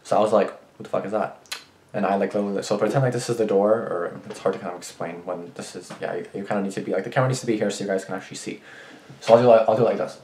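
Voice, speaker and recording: A young man with a very low voice rattles off rambling, sweary home-alone anecdotes at a quick clip. He keeps restarting his sentences. The room around him rings with echo. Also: darkish tone, slight background noise. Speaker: vlogger. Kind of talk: casual rambling storytelling. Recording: roomy echo.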